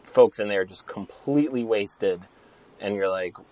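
A man's voice: fairly low pitch, measured pace, a little mellow, rough recording. A man hosting a casual interview who jokes around and swears freely. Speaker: podcast host.

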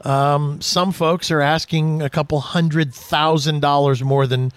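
A man's voice: on the high side, unhurried, smooth, no echo. A man hosting a radio talk show about cars, chatting casually and telling jokey stories. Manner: jokey, lively storytelling.

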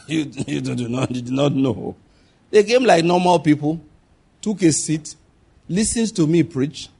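A pastor preaches with a voice that sits somewhat high for a man. He reads scripture slowly and deliberately, then hammers home key phrases by repeating them. His delivery is emphatic throughout. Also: a little mellow, slightly rough. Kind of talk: sermon.

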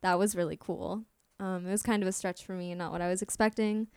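A young woman from Florida talks as a guest in a relaxed interview. She is bubbly, laughs often and fills her talk with "like". Her voice is smooth and clear, recorded dry and close. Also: mid-range voice, fast, no room sound. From Orlando, Florida, US. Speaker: guest, singer and actress. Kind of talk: casual interview chat.

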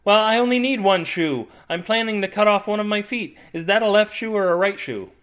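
A man voicing a pushy, weepy young woman with enormous feet in a comic story, in a shrill, whiny voice. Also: fairly quick, lightly acted. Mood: insistent.

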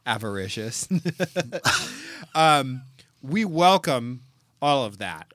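A man co-hosts a casual podcast in a bright, forceful voice, wry and animated as he jokes and reads listener comments. The sound is close and dry, with no room around it. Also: mid-range voice, no echo. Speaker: podcast co-host.

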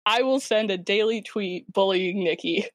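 Woman podcast guest; deadpan teasing, mid-pitched, dry sound. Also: normal speed, no echo. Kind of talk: casual group chat.

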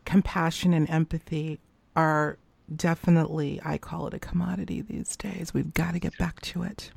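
Woman host, casual chat, effusive and grateful, gravelly fry, dry close sound. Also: low-pitched, steady tone, normal speed, a little mellow, no room sound.

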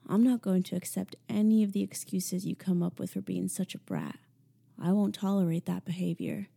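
A woman voicing a teasing, controlling young man who speaks softly and calmly in an audiobook. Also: medium pitch, vocal fry, breathy edge, full character voice. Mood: low stern. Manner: soft, slow, menacing calm.

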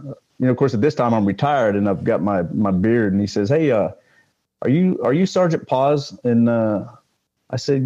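A man's voice: lowish voice, dark tone, lo-fi sound. An older man, a retired police sergeant, telling stories in a casual interview, rambling with many fillers and restarts.

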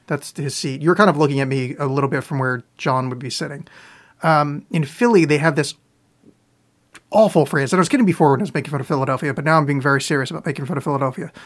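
A man hosting a podcast live, answering listener questions in loose, profane, self-mocking chat, with a sore throat. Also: a little high. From US East Coast. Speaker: podcast host. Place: home, live on video stream.

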